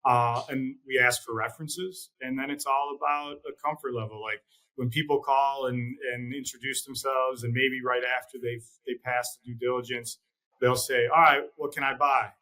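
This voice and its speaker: A man as an interview guest, talking in a measured, plain-spoken way and repeating words as he thinks. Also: mid-range voice, flat delivery, pushed and bright, rough recording. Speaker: guest, trading executive. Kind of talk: casual interview chat.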